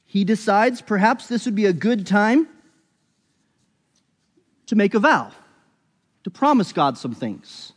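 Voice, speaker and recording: A man's voice: high-pitched, big pitch swings, slow pace, pauses often, in a large hall. A man preaching a sermon, earnest and explanatory, often correcting himself mid-thought as he walks through a scripture passage. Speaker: pastor.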